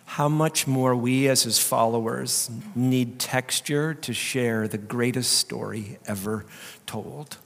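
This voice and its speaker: A man pastor giving a sermon, swinging between loud, urgent preaching and quiet emphasis. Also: mid-range voice, slow pace, vocal fry. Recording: long hall reverb.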